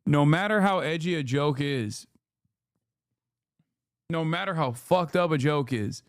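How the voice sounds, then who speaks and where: A man's voice: fairly high pitch, a little slow, no echo, studio quality. A man in his thirties, from the United States, streaming and ranting emphatically with lots of swearing and repeated lines for stress. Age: 30s. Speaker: streamer and political commentator. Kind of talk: casual ranting commentary.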